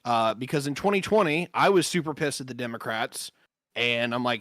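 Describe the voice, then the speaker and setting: A man on an online panel, talking bluntly with lots of swearing and halting restarts. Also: medium pitch, a bit bright, no echo. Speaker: panel member. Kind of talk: heated online panel discussion.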